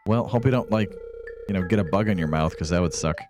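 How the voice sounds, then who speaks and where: A man's voice: deep voice, quick pace, a little mellow, faint music behind. A young man casually commenting on his farming game to viewers, chatty and self-deprecating, a bit tired and yawning. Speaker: let's play host.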